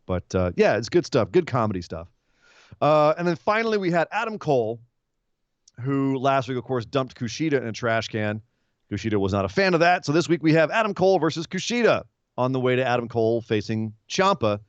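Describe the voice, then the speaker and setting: A man's voice: medium pitch, sing-song, dry recording. A man co-hosting a podcast, rambling through a wrestling recap in casual chat. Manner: rambling, retells comedy segments with quick voiced asides. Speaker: podcast co-host. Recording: dull lo-fi podcast audio, dry.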